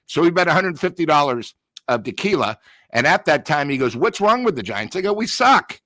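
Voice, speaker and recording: A man's voice: on the high side, very animated, brisk, bright, forceful tone, dry recording. A man giving blunt, ranting sports talk, telling stories with quoted back-and-forth. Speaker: sports talk show regular. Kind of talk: heated casual sports talk.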